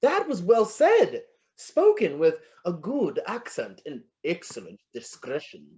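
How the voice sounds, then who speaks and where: An actor playing a flattering, lovestruck poet in an amateur online stage play, savoring each word and muttering to himself. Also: mid-range voice, a little slow, dull audio. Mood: wooing. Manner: florid, wooing, savoring words, muttering to himself. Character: lovestruck, flattering William Shakespeare, a playful poet.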